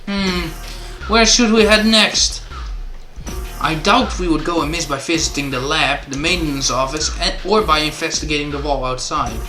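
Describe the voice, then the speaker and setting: Man voicing a snooty rich-boy pigeon for a game, high and sneering, roomy take with music under it. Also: normal speed, bright, forceful tone. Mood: disdainful. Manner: pompous, disdainful. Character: haughty aristocratic male pigeon, young, elitist.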